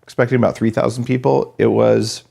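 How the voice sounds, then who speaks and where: A man's voice: mid-range voice, level tone, a little fast, creaky, dark tone. A man from New Mexico hosting a podcast interview, chatty and fond of jokes. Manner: chatty, joking. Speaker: podcast host.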